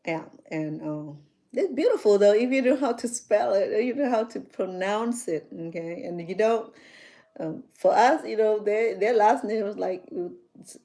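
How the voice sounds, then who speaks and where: A woman's voice: medium pitch, warm tone. A middle-aged woman with a Khmer accent, chatting casually as a chef and vlogger, rambling with lots of fillers and restarts. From Cambodia. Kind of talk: casual chat.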